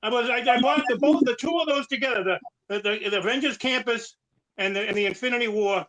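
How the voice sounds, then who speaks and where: A man's voice: extremely high pitch, a little fast, a loud crowd, poor audio. A man co-hosting a casual chat about collecting toys, rambling and often restarting his sentences. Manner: rambling, restarts a lot, swears. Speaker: podcast co-host.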